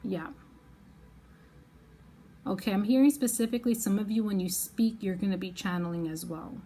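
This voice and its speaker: A woman giving a pick-a-card tarot reading to the viewer in an effusive, excitable way. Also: medium pitch, moderate pace, breathy edge. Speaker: tarot reader.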